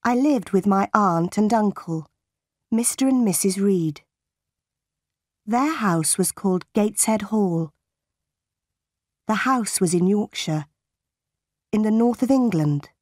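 Audiobook narrator: woman, slow and deliberate, mid-pitched, dry close sound. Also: expressive, darkish tone, no echo. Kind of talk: scripted narration of a simplified novel.

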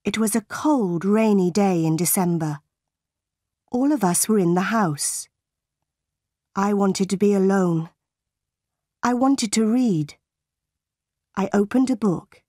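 A woman narrating a simplified novel for an audiobook, reading slowly, clearly and deliberately. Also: mid-range voice, a little mellow, no echo, studio quality.

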